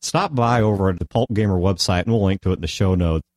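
In clean, echo-free studio audio, a podcast host chats casually, going on at length and often stopping to fix what he just said. His voice is low-pitched and darkish, and he talks fast.

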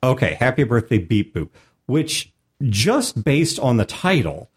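A man hosting a tabletop gaming podcast in a relaxed, rambling chat. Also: mid-range voice, unhurried, breathy edge. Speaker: podcast host.

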